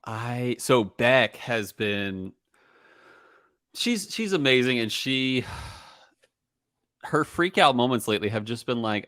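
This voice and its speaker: A man's voice: medium pitch, animated, slow pace, long pauses, fairly bright tone, dry recording, studio quality. A man in his thirties co-hosting a podcast, talking easily and thoughtfully about his young daughter in casual chat. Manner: easygoing, reflective, lots of agreeing murmurs. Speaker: podcast co-host.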